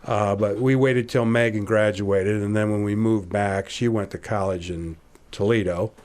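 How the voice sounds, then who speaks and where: On the low side and at a moderate pace, this Ohio man of about sixty shares a personal story as a podcast guest. He acts out the conversations with animated, casual energy and chuckles at himself along the way.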